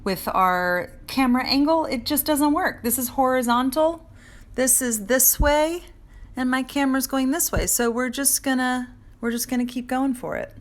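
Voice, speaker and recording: A woman's voice: high-pitched, normal speed. A woman teaching a live drawing lesson to children, chatting and encouraging as she draws, recorded on a handheld phone. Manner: chatty, encouraging, talks while drawing and answers viewers by name. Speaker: art teacher. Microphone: phone held in hand.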